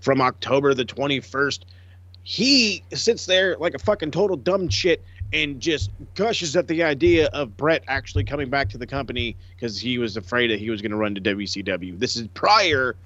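Man, podcast co-host, swears constantly, excitable, muffled dry sound. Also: medium pitch, moderate pace, no room sound. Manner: profane, excitable, laughs a lot. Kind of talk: casual podcast chat.

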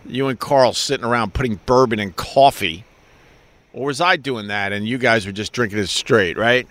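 A man's voice: mid-range voice, moderate pace, a bit bright, dry recording. A middle-aged man with a Long Island accent hosting a live stream, chatting casually in a rambling, joking, profane way. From Long Island, New York.

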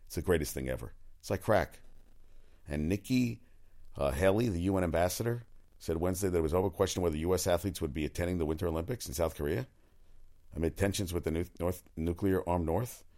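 Low-voiced male sports ranter, loose and profane, jumps between stories. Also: fast talker, warm tone. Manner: rambling, profane, opinionated, frequent restarts. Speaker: sports talk commentator. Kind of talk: casual sports commentary monologue.

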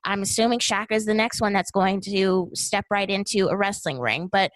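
A woman host recapping events in casual commentary, expressive and animated. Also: mid-range voice, normal speed, no room sound, low-quality recording. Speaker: podcast host.

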